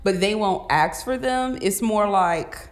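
A woman in casual chat among friends, animated, acting out voices and laughing often. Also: mid-range voice, slow, roomy sound.

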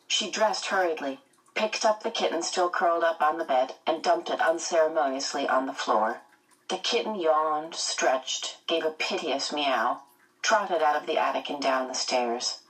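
A woman reading a novel aloud in measured, scripted narration. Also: low voice, fairly bright tone, distant mic, rough recording. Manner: measured storytelling. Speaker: audiobook reader.

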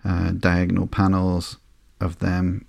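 A man hosting a sleepy podcast, reading through a comic slowly and flatly with frequent ums and uhs. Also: sits low, creaky, no echo. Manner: slow, flat and unhurried, with frequent ums and uhs. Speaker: podcast host.

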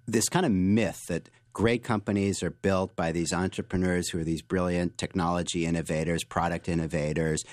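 A man with a very low voice answers interview questions in an animated, storytelling way, often restarting his sentences. The sound is close and dry, with no room around it. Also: no room sound. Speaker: guest author.

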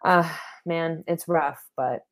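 A woman's voice: low-pitched, slow pace. A young woman co-hosting a podcast, rambling with many fillers. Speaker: podcast co-host. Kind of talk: casual podcast chat.

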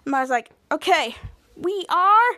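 Speaking at a measured pace in a very high voice, a woman hosts a podcast and retells a TV episode in an easygoing way. She performs each character's lines in lively voices.

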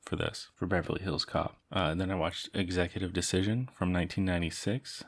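A man's voice: low-pitched, fairly even intonation, brisk, gravelly. A young man giving casual, rambling movie reviews, tired and worn out, swearing freely and laughing between his thoughts. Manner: rambling, loose, profane, with fillers and laughs.

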